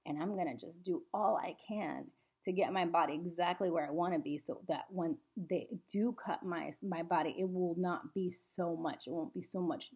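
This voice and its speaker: A woman's voice: lowish voice, moderate pace, slightly rough, lo-fi sound. A young woman vlogging casually to camera about her weight-loss journey, emphatic and motivational, often repeating "you know what" and "okay?".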